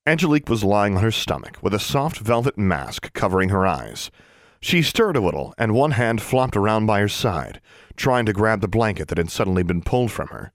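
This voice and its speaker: A man narrating an audiobook chapter with expressive storytelling. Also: fairly low pitch, a little fast, no echo, studio quality. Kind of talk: scripted narration.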